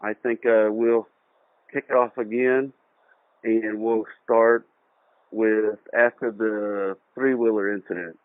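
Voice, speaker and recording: A middle-aged man telling childhood stories in a casual interview, animated, acting out voices and laughing as he goes. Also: fairly low pitch, takes it slowly, clear, resonant tone, no room sound. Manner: animated, acts out quoted voices, laughs through his own story. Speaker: guest. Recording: dry, tinny phone-like audio.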